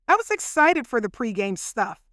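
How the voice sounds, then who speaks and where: A woman host casually telling a personal story, chatty and animated, speaking straight to her listeners. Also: a little high, moderate pace. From Philadelphia.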